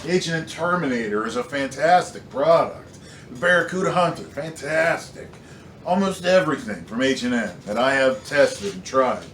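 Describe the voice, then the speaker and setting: A man's voice: medium pitch, a bit bright. Frustrated man in an echoey room. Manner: frustrated, emphatic, rambling with fillers. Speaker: airgun reviewer. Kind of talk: casual product review rant. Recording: echoey room, slightly distant mic, faint noise.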